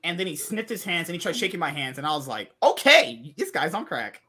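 A man's voice: fairly high pitch, animated, quick pace, sharp tone, slightly rough. A man hosting a podcast in casual chat, trading crude jokes and steering the conversation. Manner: joking, crude banter, then steering the topic. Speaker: podcast host.

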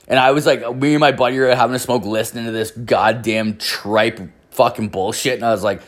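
A young man in a casual, rambling monologue, cursing heavily as he tells a story to friends. His voice sits at an ordinary middle pitch. The talk is crude, loose and unpolished. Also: fairly even intonation, fairly quick. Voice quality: crude, heavy swearing, rambling. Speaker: podcast host telling a story.

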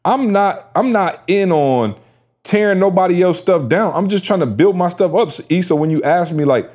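A man's voice: high-pitched, animated, normal speed, darkish tone. A man co-hosting a podcast in a casual, slangy, joking way. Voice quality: laid-back, slangy, joking. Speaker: podcast co-host. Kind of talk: casual chat.

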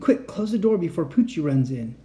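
A curious, daring young girl whose high voice swings up and down with excitement, as a reader acts her out. Her tone is mellow rather than bright. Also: a little fast, natural voice. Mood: bossy.

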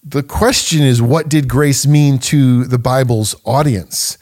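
Male podcast teacher: animated, emphatic, laughs between points. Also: medium pitch, takes it slowly. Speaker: podcast host and Bible teacher.

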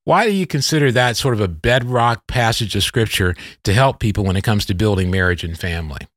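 A man's voice: lowish voice, expressive, brisk, no echo, studio quality. A middle-aged man hosting a podcast, telling a personal story in a reflective, conversational way and then interviewing his guest. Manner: reflective, conversational, self-correcting. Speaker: podcast host.

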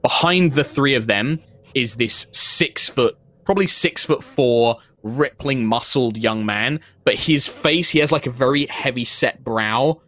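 A man's voice: medium pitch, unhurried, fairly bright tone, no echo. A man narrating a tabletop game as game master, describing scenes with frequent fillers.

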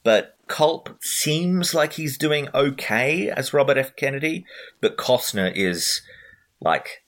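A man's voice: mid-range voice, lively intonation, slow, fairly bright tone. A man co-hosting a podcast, talking through a film review in a casual, conversational way with frequent restarts. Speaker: podcast co-host.

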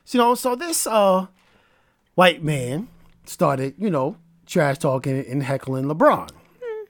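A man hosting a podcast, telling a story in a casual, animated and preachy way. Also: on the high side, takes it slowly. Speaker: podcast host.

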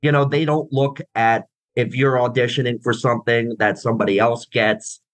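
A man's voice: medium pitch, steady tone, normal speed, fairly bright tone, no room sound, low-quality recording. A man chatting as an interview guest, talking at length in a rambling way with many restarts and fillers. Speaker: guest, drummer in a tribute band. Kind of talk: casual interview chat.

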